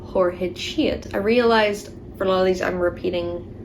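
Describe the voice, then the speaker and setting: A woman teaching Irish verbs with an Ulster Irish accent, repeating each form slowly and adding playful asides. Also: medium pitch, steady tone, noisy background. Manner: slow, careful drilling of words with playful asides. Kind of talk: casual spoken lesson.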